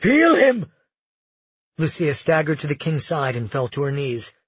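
A man narrating an audiobook in a measured, dramatic storytelling manner. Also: medium pitch, steady tone, husky, no room sound, highs cut off.

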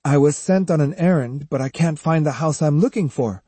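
A man's voice: fairly high pitch, normal speed, dark tone, breathy edge, no echo, pitched above the performer's own voice. A man voicing an earnest young boy on an errand in an audiobook, speaking plainly and insistently in a lifted voice. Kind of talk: audiobook character voice.

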